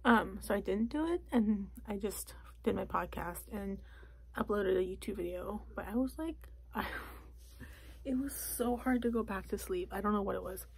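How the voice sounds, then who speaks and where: A young woman vlogging in a casual chat from a closet at home, talking softly and often slipping into a whisper. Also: medium pitch, moderate pace, creaky, breathy edge. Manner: soft, often drops to a whisper.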